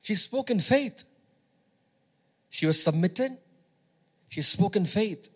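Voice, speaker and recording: A man's voice: high-pitched, lively intonation, takes it slowly, husky. A male preacher giving a sermon, emphatic, repeating phrases and urging his congregation on.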